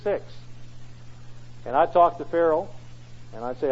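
A man preaches with emphasis, often putting rhetorical questions to his listeners. His voice sits fairly high, and the recording is dull and lo-fi. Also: animated, unhurried. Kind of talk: sermon.

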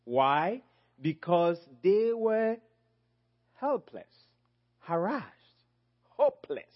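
A man preaching a sermon, emphatic, swinging from loud high exclamations to low quiet phrases. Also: sing-song, extremely slow, muffled recording.

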